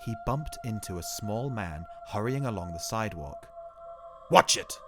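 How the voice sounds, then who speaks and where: A man narrating a short story in a measured, dramatic reading, over background music. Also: fairly low pitch, animated.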